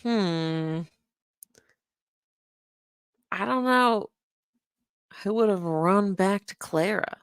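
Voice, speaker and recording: A woman's voice: mid-range voice, slow, clean tone, no room sound. A woman casually commenting while watching a past live stream, thinking aloud and unpacking what happened. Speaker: stream reviewer.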